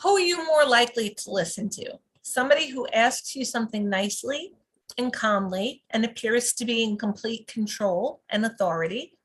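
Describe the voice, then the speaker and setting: Calm instructive woman coach, fairly high voice. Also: normal speed, rough recording. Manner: calm and instructive, lively when modeling praise. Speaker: parent coach. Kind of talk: teaching talk on live video. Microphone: video call.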